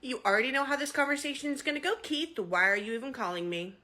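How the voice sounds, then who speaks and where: A woman's voice: sits high, fast, sharp tone, pitched above the performer's own voice. A woman playing a smug, scheming female store manager in a comedy skit, talking in a sneering way. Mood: snide. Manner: snide, sneering.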